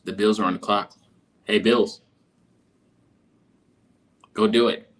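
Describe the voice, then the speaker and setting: A man giving live reaction commentary, exasperated and repeating himself, his voice jumping high in disbelief. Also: steady tone, slow, a bit bright. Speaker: live draft reaction streamer.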